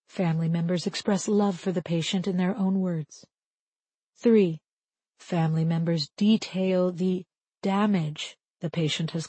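A woman reads a formal numbered document in a measured, clipped manner. Her voice is lower and husky, with a dark, mellow tone. The recording is close and dry. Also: no echo. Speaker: audiobook reader. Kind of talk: reading a formal document aloud.

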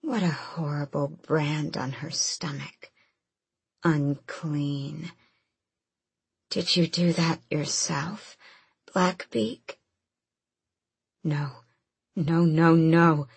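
A woman's voice: low voice, steady tone, no room sound, full character voice. Woman whispering as a taunting monster hound. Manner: breathy, hushed, slow and menacing. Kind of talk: audiobook narration with voiced characters.

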